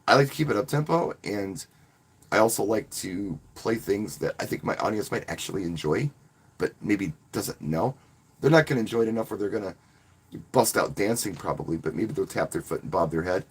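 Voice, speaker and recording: A man's voice: fairly low pitch, lively intonation, brisk, slightly rough. A man who works as a wedding DJ, casually talking to viewers on a live stream in a rambling, friendly way and often restarting his words. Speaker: wedding DJ and channel host.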